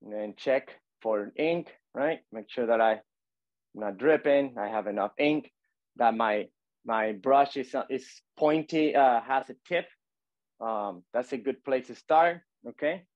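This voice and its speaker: A man teaching a calligraphy lesson while demonstrating, talking in a relaxed, repetitive coaching way with many fillers. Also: mid-range voice, measured pace, dry recording, highs cut off.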